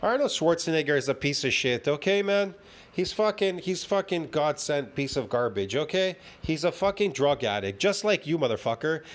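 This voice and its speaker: A man with a fairly high voice launches into a heated, profanity-laden reaction rant. He hammers the same points again and again, cursing in almost every sentence, and sounds openly scornful. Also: lively intonation, normal speed. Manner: heated, swearing, repetitive ranting. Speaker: fitness commentator reacting to a video.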